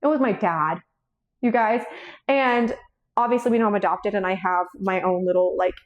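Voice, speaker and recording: A woman's voice: mid-range voice, normal speed, lo-fi sound. A young woman chatting casually about her books, rambling, swearing freely and laughing often, tearful and shaky. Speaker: book vlogger. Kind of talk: casual chat.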